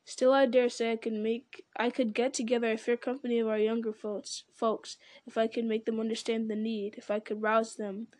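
A woman voicing an ancient, slow and grave male tree-giant in a storybook reading, speaking in a solemn, deliberate way. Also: on the high side, little pitch movement, darkish tone, no echo, close to an everyday voice.

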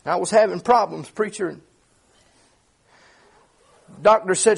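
A middle-aged man, preaching a sermon with fervor, many "uh" fillers and shouted peaks. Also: extremely high pitch, a little slow.

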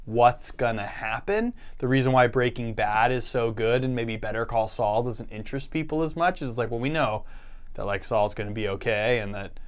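A man co-hosting a casual podcast chat, playful and animated. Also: mid-range voice, moderate pace. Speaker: podcast co-host.

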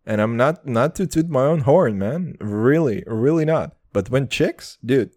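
A young man rants through his podcast monologue, swearing freely and poking fun at himself. His pitch leaps up and down all the time. The mic is close and dry, with no room sound at all. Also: animated, a little slow, a little mellow, dry recording. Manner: profane, brash, self-mocking, calls listeners boys. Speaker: podcast host. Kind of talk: casual comedic monologue.

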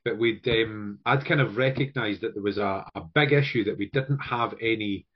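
A man hosting a casual football podcast, chatting in a relaxed way and laughing easily. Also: on the low side, normal speed, muffled recording. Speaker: podcast host. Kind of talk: casual chat.

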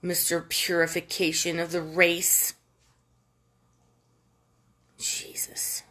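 A woman's voice: medium pitch, animated, measured pace, a bit bright. A woman from the United States delivering a casual, profane political rant, exasperated and given to emphatic outbursts.

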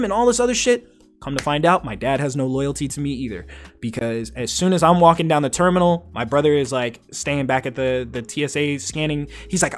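A man's voice: a little high, lively intonation, fast talker, faint music behind. A man hosting a podcast, telling a long story in casual, profane chat and acting out the quotes. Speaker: podcast host.

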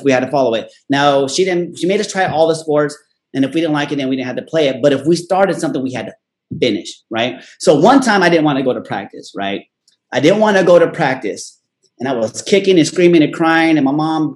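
A man hosting a casual chat, telling a personal story in an animated way and punctuating his sentences with "right?". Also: a little high.

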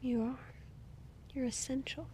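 An actress playing a gentle young woman who speaks softly and reassuringly. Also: high-pitched, fairly even intonation, a little slow, slight background noise, low-quality recording. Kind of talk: TV drama clip.

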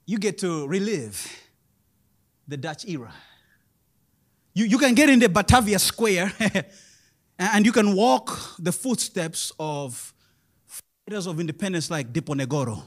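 A man in his thirties preaching a sermon as pastor, animated, laughing often and rising to loud emphasis. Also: high-pitched, unhurried, pauses often. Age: 30s. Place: church in Indonesia.

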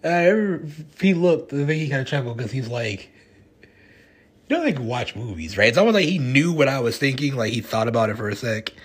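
A man hosting a podcast, rambling through a casual, animated retelling of a film. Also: mid-range voice, normal speed, husky. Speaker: podcast host. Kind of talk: casual chat.

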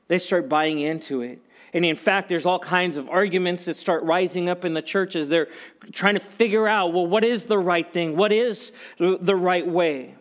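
A man preaching a sermon in a conversational way, telling personal stories with humor and repeating key phrases for emphasis. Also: on the high side. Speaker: pastor.

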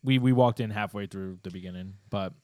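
A man co-hosting a podcast in casual chat, from New York, relaxed and joking, often trailing off mid-sentence. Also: lowish voice, a little fast, no echo. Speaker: podcast co-host.

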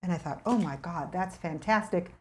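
Animated middle-aged woman telling a story. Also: moderate pace, slight background noise. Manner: animated, acts out her own past thoughts with rising pitch. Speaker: guest telling a personal story. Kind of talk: casual storytelling chat.

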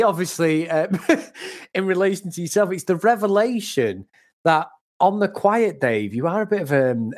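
A man from England co-hosting a comics podcast, talking casually and with enthusiasm, often laughing and repeating words. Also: fairly high pitch. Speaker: podcast co-host. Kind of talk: casual chat.

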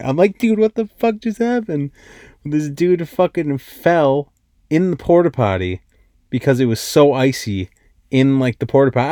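Podcast host, male, warm low-key tone, dry close sound, swearing storyteller. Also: dry recording. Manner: profane, rambling, lots of "like" fillers. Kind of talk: casual storytelling.

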